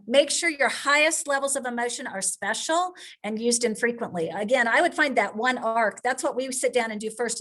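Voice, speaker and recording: A woman's voice: a little high, a bit bright. A woman in her sixties, a drama coach giving frank, conversational advice with frequent restarts. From Kansas, USA. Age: 60s.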